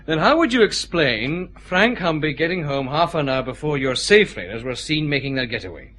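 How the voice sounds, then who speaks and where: An actor with a Scottish accent playing a methodical, confident detective chief inspector pressing suspects in a radio drama. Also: male voice, fairly high pitch, sing-song, moderate pace, a bit bright.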